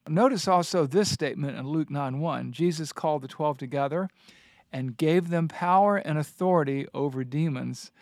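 In a studio-quality recording with no room sound, a man with a voice on the high side hosts a Bible discussion, reading passages aloud and teaching scripture with earnest emphasis.

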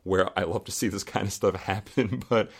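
A man with a very deep voice hosts a casual podcast. He talks in a loose, chatty way, laughing often and dropping the odd swear word. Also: fairly even intonation, normal speed, slightly rough. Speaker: podcast host recapping a reality show. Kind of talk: casual chat.

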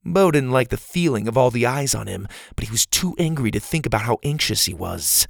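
A man reads a storybook aloud in an even, clear storytelling manner. His voice is gravelly and rough at the edges, and the recording is dry, with the mic close. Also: mid-range voice, fairly quick, few pauses, no room sound. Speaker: audiobook narrator. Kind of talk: scripted storybook narration.

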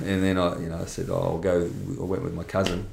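A man's voice: low-pitched, little pitch movement, racing, vocal fry, darkish tone, reverberant, a little hiss or hum. A middle-aged man telling a candid personal testimony in conversation, blunt and rambling with restarts and mild swearing. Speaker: interview guest.

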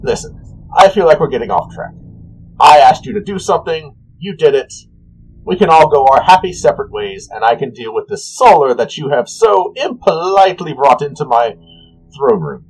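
A man's voice: a little high, very animated, moderate pace, faint music behind, poor audio. A man playing a petulant trickster god. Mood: impatient. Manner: whiny, wounded and theatrical.

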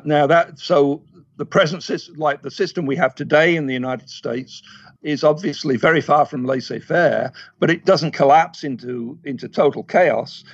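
A man speaking as a guest in a casual economics discussion, measured and hesitant, with frequent fillers. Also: fairly high pitch, dry recording, dull audio.

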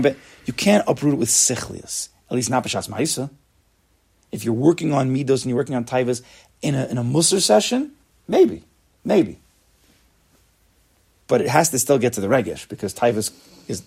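Male Torah lecturer, gravelly and husky, emphatic and repetitive, lots of Hebrew terms. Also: mid-range voice, darkish tone. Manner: emphatic, repeats words, sprinkles in Hebrew terms. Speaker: Torah teacher.

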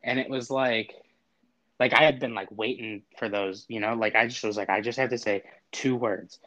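A man's voice: mid-range voice, steady tone, normal speed, sharp tone. A man casually telling a story, acting out both sides of a frustrating phone call with exasperated humor. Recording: dull lo-fi audio.

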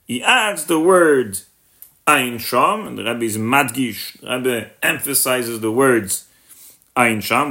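A rabbi teaching a text-based class in English, mixing in Hebrew and Yiddish terms and translating each one, with many restarts and repeated words. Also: male voice, pushed and bright. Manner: rises sharply in pitch when voicing the questions. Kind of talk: Torah lesson on a text.

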